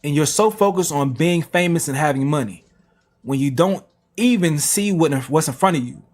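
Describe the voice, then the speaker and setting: On a reaction stream, a man with a fairly high voice reads text messages aloud at a normal speed. His plain reading keeps breaking for slangy asides and laughs.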